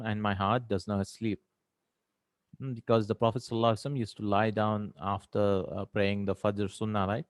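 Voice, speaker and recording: A man's voice: lowish voice, no echo, clean studio sound. A man teaching an Arabic grammar lesson, explaining terms step by step and often checking with "right?".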